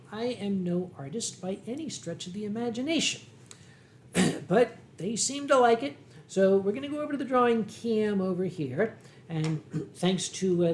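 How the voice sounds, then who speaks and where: A man with a Philadelphia accent hosting a casual livestream from home, reading viewer comments in a dry, wry way and often clearing his throat. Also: high voice, darkish tone. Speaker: livestream host. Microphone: desk microphone.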